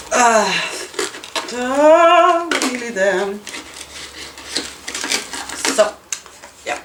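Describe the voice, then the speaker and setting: Rambling self-mocking woman in a roomy space. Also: lowish voice. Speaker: craft tutorial host. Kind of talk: casual crafting tutorial. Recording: roomy, distant, noisy home recording.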